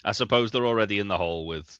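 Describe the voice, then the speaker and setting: Man, podcast co-host, casual chat, low voice, rambling and sweary, dull lo-fi sound. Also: rapid-fire, fairly bright tone, smooth.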